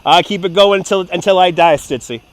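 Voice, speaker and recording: A live streamer whose voice sits high talks fairly quickly while walking through an amusement park, the recording itself dry. Filming on a phone on a handheld gimbal, he chats casually, swears, laughs and reads messages from his viewers.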